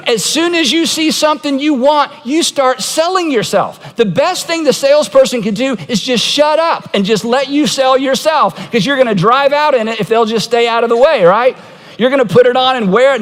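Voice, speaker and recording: A man's voice: very high voice, normal speed, a bit bright, long reverb tail. A man preaching a sermon as pastor, telling stories in a conversational way and acting out quoted voices with humor.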